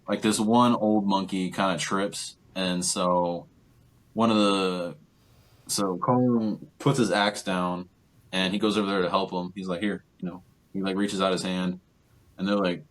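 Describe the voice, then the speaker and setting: Deep-voiced young man rambling through a recap. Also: steady tone, a little slow. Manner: rambling, filler-heavy retelling with lots of "like" and "um". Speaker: podcast co-host. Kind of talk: casual movie recap chat.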